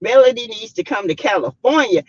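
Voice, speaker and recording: A woman's voice: on the high side, expressive, a little fast, husky, no room sound, lo-fi sound. A woman with a Southern American accent hosting a casual live stream, reading out viewer comments, laughing often and talking with plenty of sass. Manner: sassy, laughs often, greets viewers by name. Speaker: YouTube live stream host.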